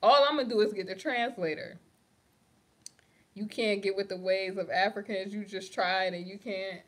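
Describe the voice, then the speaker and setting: A young New York woman with a New York accent hosts a casual livestream, reading viewer comments, laughing often and talking in slang. Her mid-range voice keeps a steady tone at a normal speed.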